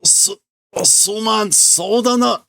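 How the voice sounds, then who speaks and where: A man's voice: high-pitched, creaky, bright, forceful tone, dry recording, studio quality, voice pushed up, heavily acted. A man reading aloud as a flustered father who stumbles over his words while apologizing. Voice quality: halting, stumbling delivery.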